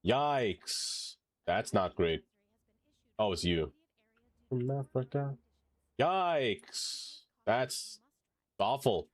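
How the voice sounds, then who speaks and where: Slow-talking playful man streamer. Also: medium pitch, lively intonation, no room sound. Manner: playful, singing along and doing silly voices. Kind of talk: casual gameplay commentary.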